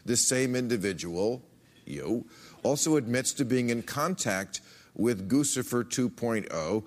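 A man hosts a talk show and presses his guest, cutting in often with sarcastic jabs. His pitch moves a lot, swooping from low to high as he argues. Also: expressive, measured pace. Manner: needling, sarcastic, interrupts often. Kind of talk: combative interview.

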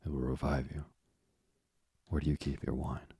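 A man's voice: a bass voice, level tone, normal speed, gravelly, warm tone, husky, dry recording, studio quality, heavily acted. A man voicing an earnest young sailor speaking to his father in an audiobook, urgent and eager.

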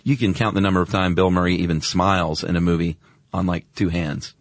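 A man co-hosting a podcast, talking in a relaxed, conversational way with plenty of fillers. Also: low-pitched, fairly quick, dry recording. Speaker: podcast co-host. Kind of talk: casual chat.

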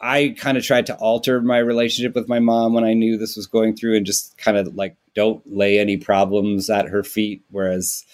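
A man with a lowish voice chats casually as a podcast guest. He is wry and self-mocking and keeps dropping into quick, silly character voices as he talks. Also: level tone, darkish tone. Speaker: comedian guest.

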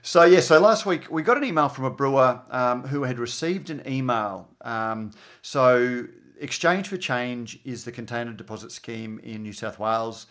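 A man's voice: medium pitch, normal speed. A man with an Australian accent, a journalist co-hosting a podcast, chatting casually and acting out quoted conversations. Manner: animated storytelling, acts out quoted dialogue.

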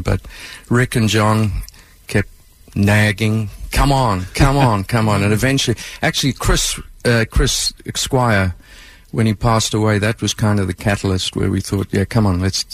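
A man's voice: on the low side, creaky, no echo. A man with a South African accent, a musician and film composer, explaining his work at length in a radio interview.

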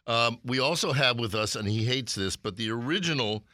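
A man's voice: mid-range voice, lively intonation, brisk, sharp tone, no room sound. A middle-aged man co-hosting a radio food show, joking and teasing in casual banter.

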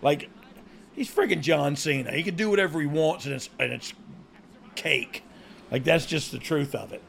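A man co-hosting a podcast, chatting casually while watching a wrestling match, laughing often and now and then bursting into loud mock play-by-play. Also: on the high side, normal speed, creaky, a little hiss or hum. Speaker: podcast co-host.

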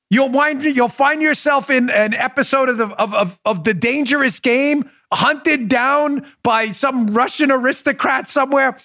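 A man hosting a political talk podcast, talking in an animated, joking monologue that slides into mock pleading. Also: very high voice, unhurried, few pauses, no room sound, clean studio sound. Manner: excitable, mock-pleading, jokey. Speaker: political talk show host.

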